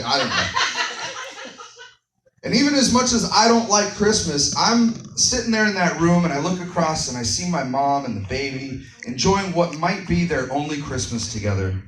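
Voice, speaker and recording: A man with a Texan accent doing a stand-up comedy set, telling stories deadpan with sudden shouted bits. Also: fairly high pitch. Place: comedy club stage. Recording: roomy club sound from far off, audience noise.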